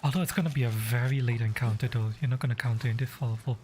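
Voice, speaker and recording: A man's voice: medium pitch, fairly even intonation, quick pace, a little mellow, a little hiss or hum. A man streaming a game, talking casually in rambling, swearing asides to his chat. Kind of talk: casual live-stream commentary.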